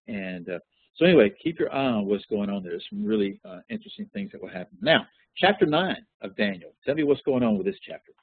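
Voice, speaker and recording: A man leading a Bible study class, teaching in a relaxed, conversational way with many fillers and questions to the group. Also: on the low side, quick pace, vocal fry, slightly rough, dry recording, narrow, tinny audio. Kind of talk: interactive Bible lesson.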